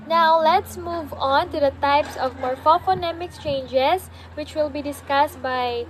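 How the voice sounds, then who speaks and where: Young filipina student doing a class report, high voice, talks slow, lots of um and so. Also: female voice, a little hiss or hum. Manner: careful, halting explanation with many "so" and "um". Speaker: student presenter.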